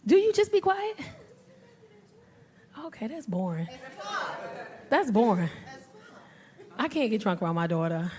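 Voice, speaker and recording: A woman's voice: medium pitch, big pitch swings, measured pace, long pauses, mellow. A middle-aged woman performing stand-up on a club stage, teasing the audience with brash, profane banter. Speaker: stand-up comedian. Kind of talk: live stand-up set with crowd work. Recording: live audience laughter.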